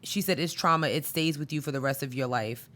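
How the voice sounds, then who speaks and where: A woman's voice: deep voice, a little fast, a bit bright. A woman co-hosting a podcast in casual chat, talking in a reflective, conversational way and pressing hard on key points. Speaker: podcast co-host.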